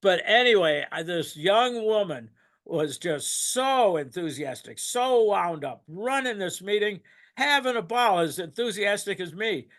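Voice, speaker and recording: A man's voice: high-pitched, lively intonation, measured pace, a bit bright. An older man giving a rambling, emotional personal testimony at a recovery meeting, laughing and choking up as he goes. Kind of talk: personal testimony, casual storytelling.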